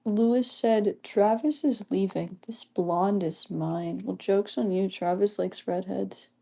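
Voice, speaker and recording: A young woman livestreaming in a casual chat, reading comments aloud, often giggling and keeping her voice hushed. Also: medium pitch, takes it slowly, gravelly.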